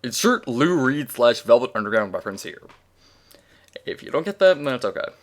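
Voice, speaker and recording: A man's voice: mid-range voice, sing-song, fairly quick. A man reading a fan fiction story aloud in a casual way. He breaks off for chatty asides, swears and laughs at the text.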